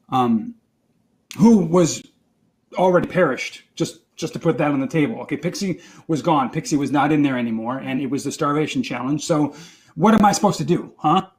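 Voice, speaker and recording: A man playing a tabletop game in character, rambling defensively with comic self-pity. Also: a little high. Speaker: player voicing his character. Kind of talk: in-character tabletop role-play.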